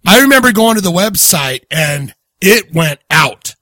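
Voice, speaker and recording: Male podcast co-host, high-pitched, relaxed and irreverent. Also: unhurried, dry recording. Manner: laid-back, jokey, swears casually. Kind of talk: casual chat.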